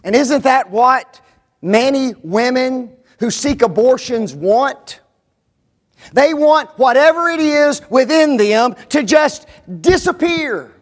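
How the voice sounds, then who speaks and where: A man with a strikingly high voice delivers a sermon to his congregation. He presses each point hard and keeps asking pointed rhetorical questions. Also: animated, takes it slowly.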